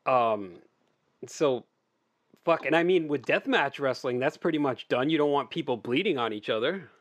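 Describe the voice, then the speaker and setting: A man's voice: medium pitch, lively intonation, normal speed, dry recording. A man co-hosting a podcast in casual chat, laid-back and wry. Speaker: podcast co-host.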